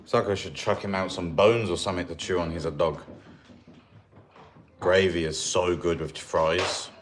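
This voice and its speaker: Deep-voiced Birmingham man, noisy homestead stream. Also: fairly even intonation, moderate pace. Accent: Birmingham English. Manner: chatty, laid-back, calls everyone mate. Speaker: homesteader hosting a livestream. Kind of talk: casual livestream chat answering viewer comments. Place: off-grid homestead kitchen with a wood stove.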